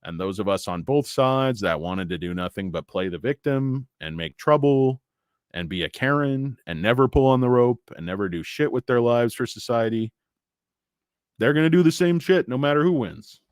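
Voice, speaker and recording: Profane, animated man ranting on a livestream. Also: mid-range voice, moderate pace, clear, resonant tone, no echo, clean studio sound. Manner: profane, blunt, opinionated; rambling with frequent fillers. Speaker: stock market show host. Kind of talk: casual livestream rant.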